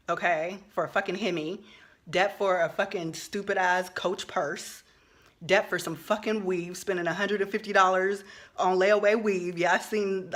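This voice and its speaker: Bright-voiced, fired-up woman vlogger. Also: on the low side. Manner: passionate, emphatic, swears freely, rising to outbursts. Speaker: social worker. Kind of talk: impassioned vlog monologue.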